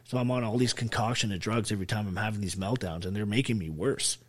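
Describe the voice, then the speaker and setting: A man's voice: fairly low pitch, fast. An army veteran telling his story as an interview guest, blunt and full of swearing. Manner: blunt, heavily profane, emphatic.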